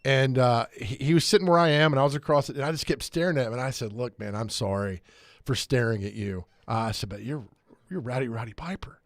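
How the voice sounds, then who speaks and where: A man's voice: mid-range voice, fast talker, no room sound. A man hosting a sports radio show, telling stories in casual chat with enthusiasm and frequent laughter. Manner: enthusiastic storyteller, laughs often. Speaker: radio host. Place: radio studio.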